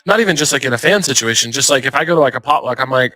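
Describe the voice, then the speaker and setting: Bright-voiced young man telling stories. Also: mid-range voice, racing, no echo. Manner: animated storyteller, acts out quotes. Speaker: stand-up comedian, podcast guest. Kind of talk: casual chat.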